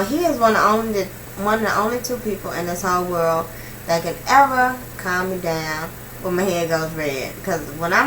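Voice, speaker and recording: A young woman vlogger telling a personal story in a casual, slangy, animated way, swinging between hushed and loud. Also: medium pitch, far from the mic, slight background noise, poor audio.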